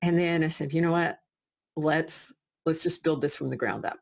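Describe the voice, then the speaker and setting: A woman's voice: deep voice, moderate pace, creaky, a little mellow. A woman co-hosting a webinar over a video call, talking in an encouraging, upbeat way and thanking people in the chat. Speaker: webinar co-host. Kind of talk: casual webinar talk.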